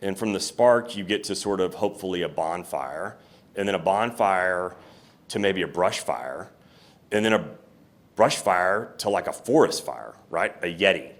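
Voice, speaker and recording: Male speaker, very low pitch, candid fireside storyteller. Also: lively intonation, normal speed. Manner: candid, reflective storytelling with restarts. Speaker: company CEO, guest speaker. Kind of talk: fireside chat on stage. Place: room with an audience.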